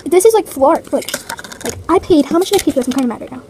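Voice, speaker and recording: A woman's voice: high-pitched, expressive, rapid-fire, warm tone, a little hiss or hum, rough recording. A teenage girl chatting through a casual, playful unboxing vlog, complaining dramatically. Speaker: vlogger.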